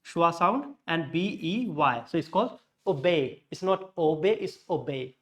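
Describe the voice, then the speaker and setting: A man with an Indian English accent teaching pronunciation, patiently repeating words slowly to show where the stress falls. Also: high voice, animated, pushed and bright. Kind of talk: classroom lesson on word stress.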